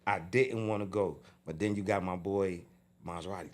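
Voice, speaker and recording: A man with a New York accent telling a story in a casual interview, swinging from low mutters to loud outbursts. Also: steady tone, moderate pace. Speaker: interview guest.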